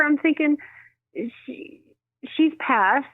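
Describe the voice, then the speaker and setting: A woman who works as a medium, telling stories in an animated way and acting out the voices in them. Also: medium pitch, moderate pace, dry recording. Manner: animated, acts out quoted voices, laughs often. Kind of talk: storytelling in a phone interview. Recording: dry tinny phone line.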